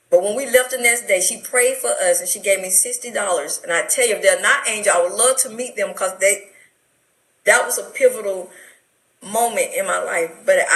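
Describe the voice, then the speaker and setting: A woman with a fairly high pitch and fairly bright tone is heard in an echoey room through a low-quality recording. She's middle-aged, speaks with an Atlanta, Southern US accent, and shares her life story as emotional, preacher-like testimony as a radio talk show guest.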